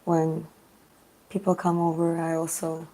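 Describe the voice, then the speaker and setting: A woman vlogger chatting casually on a live stream, her voice hoarse and deeper after losing it, talking softly with many fillers. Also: monotone, low-quality recording. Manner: soft and halting, many fillers. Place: small studio apartment indoors.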